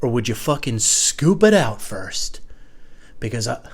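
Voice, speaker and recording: A young man doing a rambling, crude, self-mocking comedy monologue at home, jumping into silly high voices. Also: big pitch swings, measured pace, slightly rough. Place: home room.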